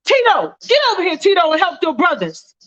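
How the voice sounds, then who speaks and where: A woman's voice: sits high, sing-song, normal speed, a bit bright, pitched above the performer's own voice. A woman voicing a strict, bossy father who threatens and scolds his grown sons. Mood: scolding. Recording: dull lo-fi dry recording.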